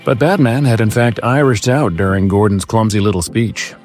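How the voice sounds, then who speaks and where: A man giving a deadpan comic narration with a dry, wry delivery and mock-formal wording. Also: lowish voice, normal speed, soft background music.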